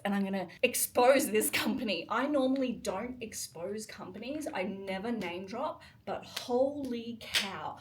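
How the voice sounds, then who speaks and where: A woman's voice: mid-range voice, slight background noise. Young female travel vlogger, worked-up exasperated delivery, speaking on camera in a hotel room. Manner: emotional, exasperated rant. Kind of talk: casual vlog talk to camera.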